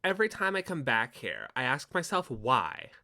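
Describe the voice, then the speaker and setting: A prim, fussy middle-aged woman, as a man puts her on in a bright, sing-song voice. She talks in dramatic, theatrical exposition with lively swoops of pitch. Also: normal speed, vocal fry, full character voice.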